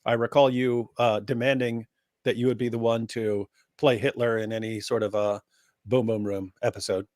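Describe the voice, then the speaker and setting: Man, livestream co-host, wry, bantering, measured, mid-pitched, dry sound. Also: flat delivery, a little mellow, no room sound. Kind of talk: casual livestream chat.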